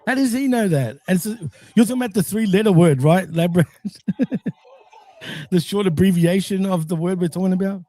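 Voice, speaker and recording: Casual male streamer, high and mellow, rambling and foul-mouthed. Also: brisk, no room sound. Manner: rambling storyteller, swears a lot and laughs often. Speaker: stream host. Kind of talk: casual live-stream chat.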